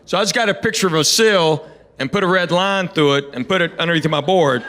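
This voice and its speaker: A man's voice: a little high, fairly quick, sharp tone. A middle-aged man from Tennessee, doing a stand-up set and telling stories with quoted voices and playful asides to the crowd. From Knoxville, Tennessee. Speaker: stand-up comedian. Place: comedy stage with live audience.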